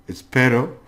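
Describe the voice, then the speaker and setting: A man teaching a casual language lesson, chatty and self-correcting, laughing at his own slips. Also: fairly bright tone.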